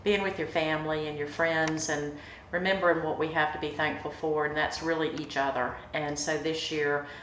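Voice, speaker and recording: A woman's voice: low voice, little pitch movement, normal speed, echoey room, slight background noise, rough recording. A woman, a mayor chatting in an interview with lots of fillers. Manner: warm, chatty, many fillers, emotional in places. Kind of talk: casual interview reminiscing.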